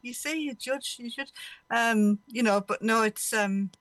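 A woman's voice: fairly high pitch, a little slow, fairly bright tone, no echo. A woman hosting a radio show, chatting casually and telling rambling anecdotes, often laughing mid-story. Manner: rambling, anecdotal, laughs through her stories. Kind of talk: casual chat.

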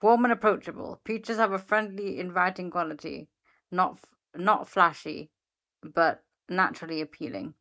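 A woman's voice: fairly low pitch, steady tone, moderate pace, a bit bright. A woman co-hosting a casual podcast, laughing often as she reads chatbot answers aloud. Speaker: podcast co-host. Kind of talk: casual chat, reading aloud.

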